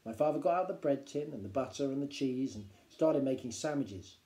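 A male teacher reads a children's story aloud with expression. His voice is dark and mellow, and the echoey room around him is easy to hear. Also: mid-range voice, fairly quick. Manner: expressive, does character voices.

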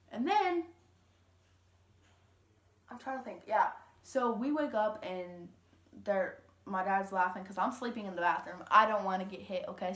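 Teen girl, casual storytelling vlog, rambling with fillers, roomy echoey room. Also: mid-range voice. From Louisiana, USA. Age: teens. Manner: chatty, rambling, lots of fillers and quoted dialogue. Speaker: vlogger. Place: home room. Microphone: camera.

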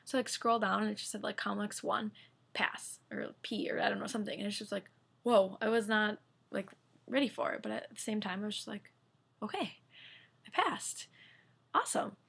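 A young woman, telling a story to her followers in a chatty, excitable way, full of fillers. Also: mid-range voice, normal speed, vocal fry, husky. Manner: chatty, excitable, many fillers like "like" and "I don't know". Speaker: medical student vlogger. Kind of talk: casual storytelling vlog.

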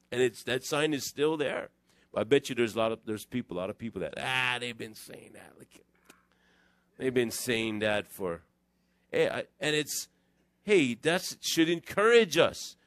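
A man preaching a conversational sermon in church, telling stories in an animated, digressive way. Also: mid-range voice, no room sound. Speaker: pastor.

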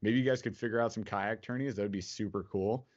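A man's voice: on the low side, steady tone, fast talker, darkish tone. Rambling man on a lo-fi livestream. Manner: rambling, filler-heavy, laughs often. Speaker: podcast host. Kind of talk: casual livestream chat. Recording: dull lo-fi stream audio.

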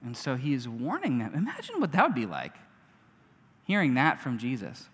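A man preaching a sermon as a pastor, conversational and animated, often acting out what people say. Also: mid-range voice, normal speed, slightly rough, in a large hall. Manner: conversational, animated, acts out quotes. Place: church.

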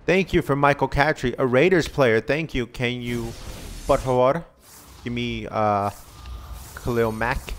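A man casually commenting on a video game pack opening, excitable and begging the game for good pulls. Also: medium pitch, unhurried, slight background noise. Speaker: gaming channel host.

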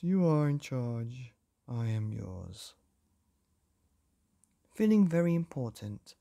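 A man who hosts a bedtime story podcast, gently reading a picture book aloud to children. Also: fairly high pitch, creaky, husky, no echo, studio quality. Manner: gentle, addresses children directly.

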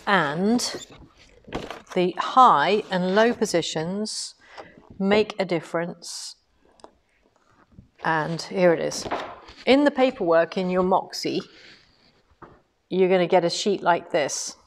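Brief: a chatty woman teaching quilting live from her showroom, slightly low voice, laughs at her own mistakes. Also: lively intonation, slow, long pauses, slight background noise. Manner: chatty storytelling, self-deprecating, laughs at herself. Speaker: quilting shop owner and teacher. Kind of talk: live-streamed demonstration and lesson.

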